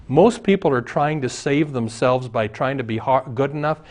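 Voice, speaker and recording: A man's voice: medium pitch, moderate pace, few pauses, darkish tone. A man preaching a sermon as a pastor, telling stories and jokes and acting out the voices in them.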